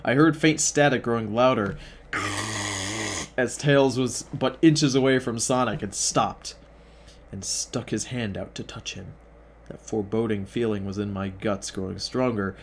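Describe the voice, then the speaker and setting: A man's voice: fairly low pitch, a little slow, slight background noise. A young man reading fan fiction aloud as host, breaking off for sarcastic, profane asides that mock the text.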